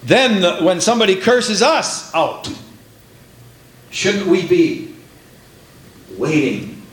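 A man preaching a sermon, swinging from hushed tones to shouted, dramatic passages. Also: medium pitch. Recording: roomy echo with faint background noise.

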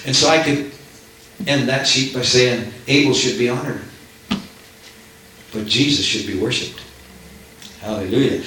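A man preaching a sermon with fervor, building to loud exclamations. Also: medium pitch, measured pace, pauses often, slight background noise. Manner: fervent, rising to shouted exclamations. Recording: echoey room, voice from far off.

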